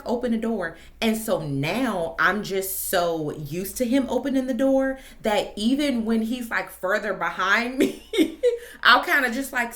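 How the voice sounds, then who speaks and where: A woman's voice: mid-range voice, fairly bright tone, no echo. A young woman talking casually to camera in a lifestyle vlog, chatty and slangy, laughing often. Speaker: lifestyle vlogger.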